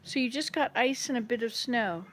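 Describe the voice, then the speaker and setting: A woman's voice: on the high side, fairly quick, faint music behind. A woman hosting a casual live stream from her home kitchen, chatting with viewers and answering their comments as they come in.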